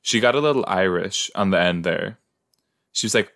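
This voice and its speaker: A man's voice: sits low, moderate pace, creaky, a bit bright. A man hosting a podcast, chatting casually as he reacts to an episode he is watching, with frequent exclamations and groans of disgust. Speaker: podcast host.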